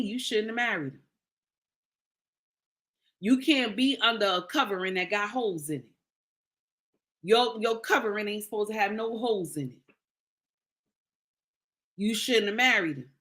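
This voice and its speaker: A woman's voice: a little high, a little slow, pauses often, a bit bright. A woman giving casual, preachy commentary, addressing listeners as her sisters and repeating key lines for emphasis. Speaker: social commentator.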